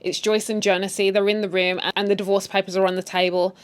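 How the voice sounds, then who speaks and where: A woman's voice: mid-range voice, little pitch movement, fast, smooth. A woman casually recapping a TV series, with sassy, opinionated asides. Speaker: recap host. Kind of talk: casual story recap with commentary.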